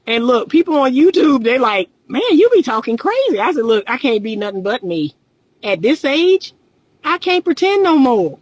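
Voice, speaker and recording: A woman's voice: fairly high pitch, big pitch swings, moderate pace, no echo, low-quality recording. A middle-aged woman and relationship coach, talking candidly and emphatically in a casual livestream, repeating her points and often laughing.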